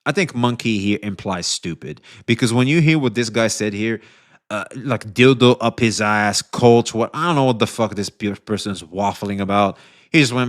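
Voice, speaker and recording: A man streaming casual commentary on online drama, rambling and swearing with many fillers, his voice often trailing off quieter. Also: lowish voice, normal speed.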